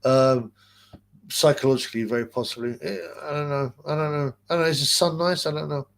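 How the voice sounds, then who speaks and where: A man's voice: fairly high pitch, steady tone, brisk, gravelly, a bit bright. A man hosting a casual livestream, rambling crude gossip and reading out chat comments with lots of fillers.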